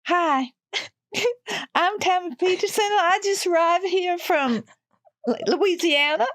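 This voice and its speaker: A woman in her sixties putting on a sweet Southern US accent to play a pregnant woman phoning a clinic, high and exaggerated. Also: slow, a bit bright, full character voice. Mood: sweetly pleading. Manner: high, sugary, exaggerated drawl.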